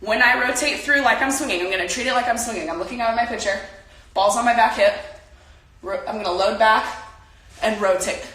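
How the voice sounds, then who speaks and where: A young woman who plays softball casually leads a home workout, chatting and coaching while she exercises. Her voice is fairly high, brisk, and fairly bright, picked up by a distant mic in an echoey home room.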